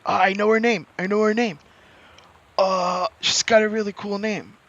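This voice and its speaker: A man streaming a game in casual commentary, chatting, reading game text aloud and breaking into bursts of excitement. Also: high voice, moderate pace. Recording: muffled recording with faint noise.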